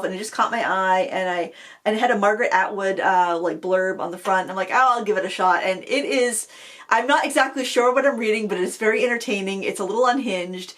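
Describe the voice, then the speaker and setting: A middle-aged woman hosting a casual craft livestream chat, talking in a rambling, chatty way with many restarts and fillers. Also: medium pitch. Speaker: craft channel host.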